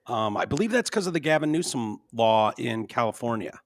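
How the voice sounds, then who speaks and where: A man hosting a podcast in casual chat, halting with fillers and frequent throat-clearing. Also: medium pitch, big pitch swings, no echo, clean studio sound. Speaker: podcast host.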